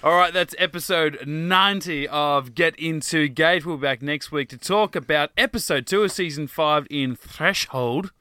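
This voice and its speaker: Bright upbeat guy signing off a podcast, dry mic. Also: on the high side, moderate pace, few pauses, clean tone, no echo. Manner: upbeat, wraps up the show. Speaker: podcast co-host. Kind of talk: casual chat.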